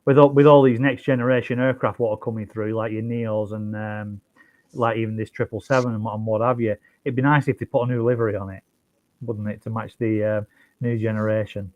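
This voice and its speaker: A man's voice: lowish voice, fairly even intonation, a little fast, narrow, tinny audio. A man co-hosting a podcast in casual chat, often ending remarks with tag questions. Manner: chatty, seeks agreement with tag questions. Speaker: podcast co-host.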